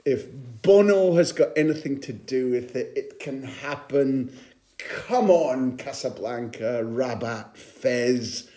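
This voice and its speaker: A man's voice: mid-range voice, slow, few pauses, dark tone. A man, a football correspondent, telling a rambling anecdote in casual podcast chat and laughing often.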